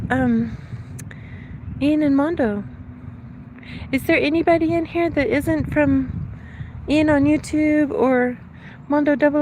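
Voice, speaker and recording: A woman's voice: sits high, a little mellow, a little hiss or hum. A middle-aged woman chatting casually on a live stream while walking outdoors, a little out of breath, laughing often and thanking viewers by name. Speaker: livestreamer reading chat.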